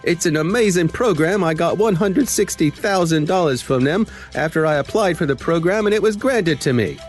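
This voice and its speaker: A man's voice: fairly high pitch, expressive, moderate pace, soft background music, natural voice. A man voicing a pushy online scammer in a put-on Australian accent, his voice raised and salesy. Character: pushy male Facebook scammer promising free grant money.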